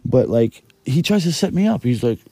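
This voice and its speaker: A man hosting a podcast, telling a rambling, profane story in a casual, animated way. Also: mid-range voice, normal speed, breathy edge, no echo. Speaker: podcast host.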